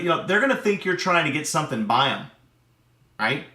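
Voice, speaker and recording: A man teaching a lesson on building rapport, animated, often checking with "right?". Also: a little high, fast talker. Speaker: sales and relationship coach. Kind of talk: teaching talk to camera. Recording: echoey room.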